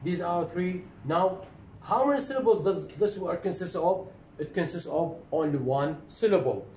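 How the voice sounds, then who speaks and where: A man's voice: high-pitched, moderate pace, darkish tone. A man lecturing on phonetics, repeating himself and answering his own questions. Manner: repetitive, asks questions and answers them. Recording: echoey room with faint noise.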